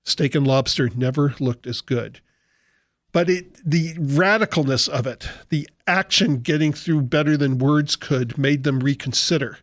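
A male pastor delivering a sermon with animated, humorous storytelling and impressions. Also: on the high side, measured pace, no echo.

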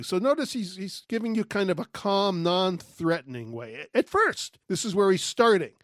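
High-voiced man teaching a Bible study. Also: animated, moderate pace, hardly any pauses, no room sound, clean studio sound. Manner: emphatic storyteller who acts out dialogue.

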